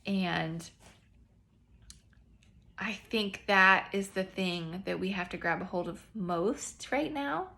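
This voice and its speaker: A woman's voice: medium pitch, slow, creaky, long pauses, sharp tone. Earnest woman giving heartfelt team encouragement. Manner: earnest and heartfelt, repeats phrases, often says "you guys". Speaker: team leader addressing her business team. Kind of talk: casual faith-based encouragement talk.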